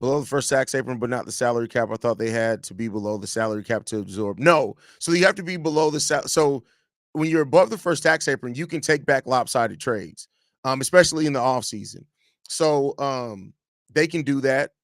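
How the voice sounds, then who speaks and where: Animated man hosting a live chat show. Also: mid-range voice, a little fast, no room sound, studio quality. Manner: animated, teasing, talks straight to viewers. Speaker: podcast host.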